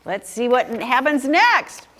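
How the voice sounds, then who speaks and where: A high, lively woman's voice reading picture books aloud to a room of young children. She takes her time, sing-song and playful, stopping to ask the kids questions and laughing often. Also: unhurried. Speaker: children's story time reader.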